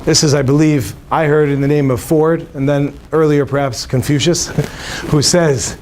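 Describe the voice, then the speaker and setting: Man, rabbi, fairly high voice, animated, joking, quizzes a live audience, faint noise behind. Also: moderate pace. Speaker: rabbi giving a talk. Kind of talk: humorous inspirational talk to an audience. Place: hotel conference session room.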